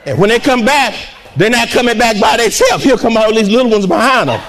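An older man preaching an impassioned sermon to a church congregation, breaking into shouts and trading call-and-response with the crowd. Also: extremely high pitch, a little fast, slight background noise.

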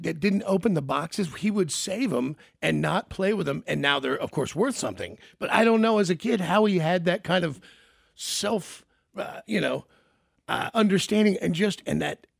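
A man's voice: normal speed, gravelly, husky, no echo, studio quality. A man co-hosting a casual, jokey chat, chiming in with his own stories. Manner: chatty and jokey, with lively swings in pitch.

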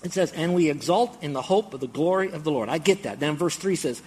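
A man delivers a sermon with a fairly high voice. He speaks straight to his congregation in a conversational way and gets excited when he makes his point. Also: quick pace, hardly any pauses, breathy edge. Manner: animated, bursts into excited game-show mimicry; conversational, addresses congregation directly. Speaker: preacher.

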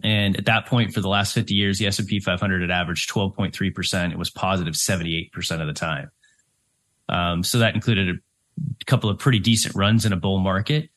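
A middle-aged financial planner co-hosting a radio money show. He has a somewhat low male voice. He explains step by step, with frequent ums and "right?" tag questions. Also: steady tone, brisk, fairly bright tone.

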